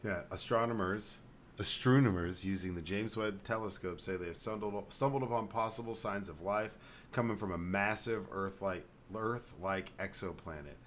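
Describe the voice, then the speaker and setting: A man with a fairly low voice hosts a casual podcast, joking and rambling. When he reads an article aloud he stumbles and restarts. Faint background noise hangs behind him. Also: normal speed, fairly bright tone. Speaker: podcast host.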